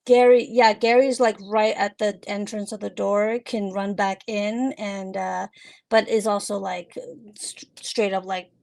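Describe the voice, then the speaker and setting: A woman's voice: mid-range voice, little pitch movement, measured pace, vocal fry, a little mellow. A woman narrating as game master of a tabletop game, casual and giggly with many fillers.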